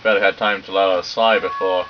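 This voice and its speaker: A man's voice: low voice, level tone, noisy background. A British man reading game dialogue aloud and joking and swearing through a let's play. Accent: British English. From Britain. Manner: sweary, joking, does quick silly voices for characters. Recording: dull lo-fi sound with game music behind. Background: game music.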